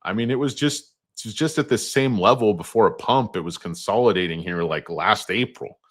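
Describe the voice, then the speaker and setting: A man's voice: lowish voice, brisk. A man hosting a casual stock market livestream, rambling between topics with crude jokes. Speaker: stock market show host.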